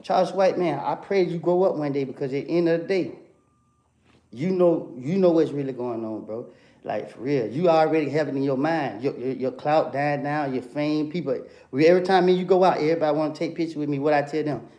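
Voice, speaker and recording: A man's voice: fairly high pitch, a little fast, warm tone. Heated man ranting on stream. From Atlanta, USA. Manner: confrontational, repetitive, keeps saying bro and come on man. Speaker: livestreamer. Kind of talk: heated livestream rant.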